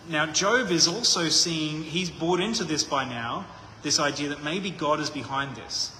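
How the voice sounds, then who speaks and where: A man's voice: on the high side, normal speed, hardly any pauses, pushed and bright, a little hiss or hum. A man preaching a conversational sermon, thinking aloud with frequent restarts. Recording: echoey hall with long reverb.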